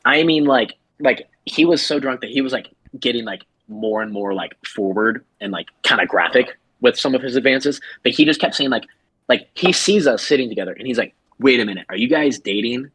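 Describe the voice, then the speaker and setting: A man tells a story on a podcast in a lively, swooping voice, full of laughs. His tone is slightly husky and the sound is dry and close. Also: medium pitch, a little fast, no room sound. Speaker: podcast co-host. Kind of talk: casual storytelling.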